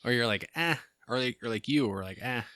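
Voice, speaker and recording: A man hosting a casual podcast, joking and animated, with salty language. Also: mid-range voice, fast, no room sound, studio quality. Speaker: podcast host. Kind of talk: casual chat.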